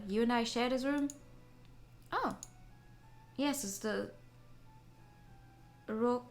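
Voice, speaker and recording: Excitable woman streamer, higher voice, laughs a lot, faint music behind. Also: measured pace, long pauses. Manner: excitable, giggly, swears casually. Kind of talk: gaming stream, reading a visual novel aloud.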